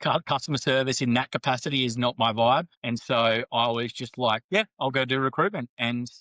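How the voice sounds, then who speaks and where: Brief: man, podcast guest, rapid-fire casual storytelling, blunt and sweary, dry close mic. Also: mid-range voice, bright, forceful tone, dry recording, poor audio. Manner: candid, sweary, quotes others in banter.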